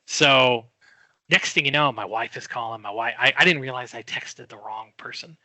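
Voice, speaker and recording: A middle-aged man telling a story in a podcast chat, animated and quick to act out what people said. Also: mid-range voice, no room sound. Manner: animated storyteller, acts out quoted voices. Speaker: guest.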